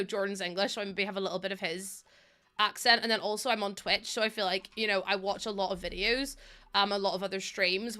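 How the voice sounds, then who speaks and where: In a sharp voice of medium pitch, a young woman with a Northern Irish accent streams a game and chats casually, welcoming viewers, rambling, and laughing often.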